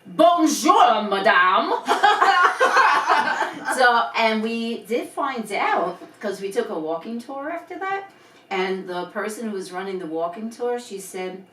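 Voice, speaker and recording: A woman's voice: on the high side, very animated, moderate pace, fairly bright tone. Chatty woman in a roomy room. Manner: chatty, many fillers like "you know" and "like". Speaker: podcast co-host. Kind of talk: casual chat. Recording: roomy sound, mic at a distance.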